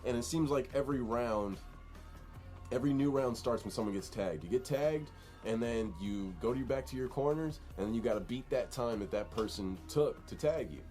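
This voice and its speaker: A man's voice: medium pitch, normal speed, mellow, faint music behind. Laid-back man chatting on a podcast. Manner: laid-back, jokey, explaining with many "like" fillers. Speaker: podcast co-host. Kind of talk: casual chat.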